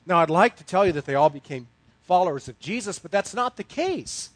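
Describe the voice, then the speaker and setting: A man preaching a sermon, telling a story with sweeping swings from hushed to loud and pausing over his words. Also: high-pitched, lively intonation, no room sound. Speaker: pastor.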